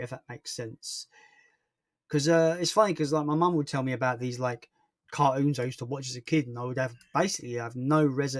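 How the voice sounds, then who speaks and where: A man's voice: fairly high pitch, no room sound, studio quality. Chatty man streaming from home. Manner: rambling, chatty, self-deprecating. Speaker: livestream host. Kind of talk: casual chat reading viewer comments.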